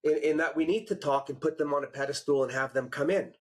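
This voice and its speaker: A man hosting a podcast, his voice a little husky and pitched somewhat high for a man. He chats casually and tells stories with gusto, acting out the voices of people he quotes. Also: fast. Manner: animated storyteller, acts out quotes. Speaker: podcast host. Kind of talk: casual chat.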